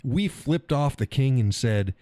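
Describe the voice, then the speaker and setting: A man's voice: medium pitch, animated, measured pace, mellow, dry recording. A man from the United States, host of a live stream, ranting bluntly and profanely in a casual opinion monologue.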